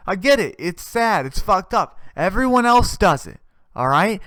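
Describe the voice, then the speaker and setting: High-voiced man ranting sarcastically. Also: very animated, moderate pace, a bit bright, no room sound, clean studio sound. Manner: profane, rambling, sarcastic. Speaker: podcast host. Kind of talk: casual comedic rant.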